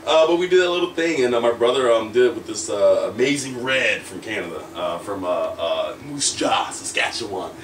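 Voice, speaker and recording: A young American man recalls his wrestling days in an animated, laughing way, often starting sentences over. His voice sits a little away from the mic in a roomy, echoing space. A faint hum of ambience runs underneath. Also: on the low side, normal speed, few pauses, far from the mic. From United States. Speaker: professional wrestler, guest. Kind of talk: candid storytelling interview.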